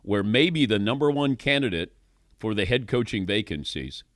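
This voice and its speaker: A man's voice: on the low side, animated, normal speed, no room sound, studio quality. A middle-aged man hosting a sports talk radio show, wry and questioning, chuckling often. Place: radio studio.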